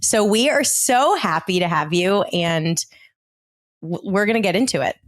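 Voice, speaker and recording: A woman's voice: mid-range voice, expressive, a little slow, no echo, studio quality. A woman co-hosting a podcast as a therapist, bantering playfully and swearing freely in casual chat.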